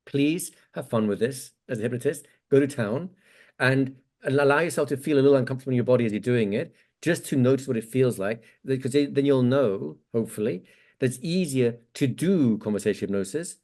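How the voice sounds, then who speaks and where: Male hypnosis instructor, mid-pitched, patient explainer who keeps checking the listener follows. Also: a little fast, a little mellow. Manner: explains step by step, checks in with "right?". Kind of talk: teaching demonstration.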